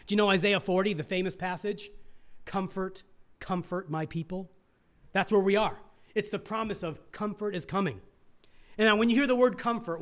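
The sermon comes from a middle-aged male pastor whose voice sits high. He keeps questioning the congregation, moving between forceful loud points and asides spoken almost in a hush.

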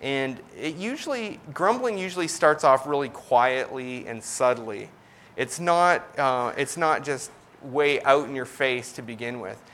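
A man, probably in his thirties, gives casual sermon teaching, explaining a point conversationally with lots of fillers and restarts. His voice is medium-pitched, slightly bright and unhurried.

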